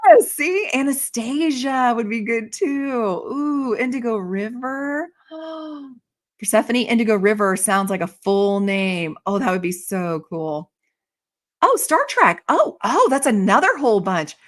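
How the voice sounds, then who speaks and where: A woman hosting a casual live stream, chatting brightly and reacting to viewer comments. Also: on the high side, expressive, measured pace. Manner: bubbly, reads viewer comments aloud. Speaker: livestream host.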